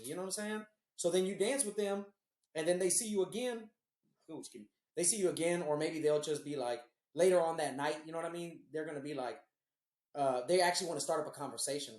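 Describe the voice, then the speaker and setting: A man's voice: a little high, fairly quick, a little mellow, echoey room. A man co-hosting a podcast, telling rambling, profane stories in casual chat. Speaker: podcast co-host.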